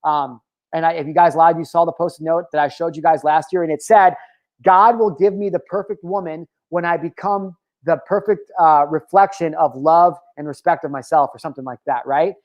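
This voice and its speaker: A man's voice: on the high side, fairly even intonation, fairly quick. A man in his thirties hosting his own show, talking candidly and profanely about his feelings, with filler words and tangents. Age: 30s. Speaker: host. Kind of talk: casual motivational talk.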